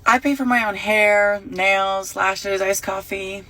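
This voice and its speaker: Guy putting on a high sassy girl voice, bragging slow and bright. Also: fairly even intonation, full character voice, low-quality recording. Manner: mocking parody. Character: sassy self-reliant young woman, bragging.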